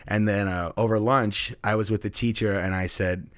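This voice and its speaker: A young man, a middle school teacher, telling funny classroom stories in a playful, animated way. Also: on the low side, moderate pace, few pauses, no room sound. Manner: playful, acts out voices in his stories. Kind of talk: animated storytelling.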